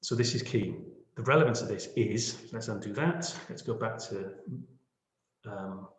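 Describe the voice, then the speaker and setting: A man's voice: fairly low pitch, measured pace. A man running a webinar tutorial on podcast editing, chatty and self-deprecating, often checking in with the audience. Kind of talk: screen-share webinar tutorial. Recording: echoey room.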